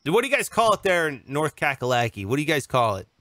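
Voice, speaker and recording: A man's voice: a little high, sing-song, quick pace, a bit bright, no echo, studio quality. A man in his thirties co-hosting a podcast, telling a comic anecdote in casual chat and acting out the voices of the people in it. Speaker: podcast co-host.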